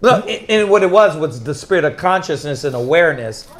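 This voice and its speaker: A man preaching in a casual, animated storytelling manner, often laughing and dropping to a soft voice when quoting people. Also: on the high side, a little fast. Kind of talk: casual religious teaching.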